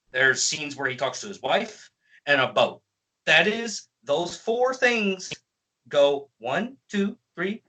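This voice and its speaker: A man's voice: a little high, bright, forceful tone, rough recording. A man giving a profane, exasperated ranting movie review as a film reviewer.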